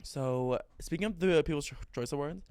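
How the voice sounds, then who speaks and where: A young man co-hosting a casual pop-culture podcast chat, giggly and animated, with plenty of filler words. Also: on the high side, moderate pace, smooth, no echo. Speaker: podcast co-host.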